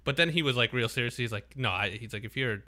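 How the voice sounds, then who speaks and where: A man's voice: mid-range voice, expressive, fast, sharp tone. A man co-hosting a podcast in casual chat, rambling and swearing a lot. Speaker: podcast co-host.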